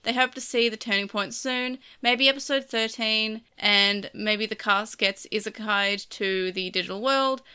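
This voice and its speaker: Bright-voiced Australian woman chatting. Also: a little high, unhurried, few pauses, clear, resonant tone. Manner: rambling, full of "like" fillers. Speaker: podcast host reading listener comments. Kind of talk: casual chat.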